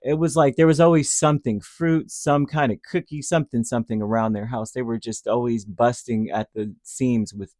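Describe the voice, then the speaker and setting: A man's voice: medium pitch, fairly even intonation, moderate pace, hardly any pauses, darkish tone, dry recording, studio quality. A man giving a casual, rambling tarot reading, who acts out little voices as he talks. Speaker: tarot reader.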